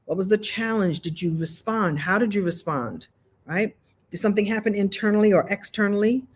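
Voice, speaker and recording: A husky-voiced woman talks on a live video call as host of a coaching challenge. She is animated and playful, acts out other people's voices in her stories, and laughs easily. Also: medium pitch. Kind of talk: live online workshop talk, storytelling.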